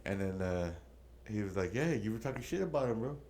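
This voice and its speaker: Male podcast co-host, low voice, slangy storyteller who mixes in Spanish, faint background noise. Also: animated, brisk, a little mellow. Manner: profane slang-heavy storytelling, Spanish words mixed in. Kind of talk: casual storytelling chat.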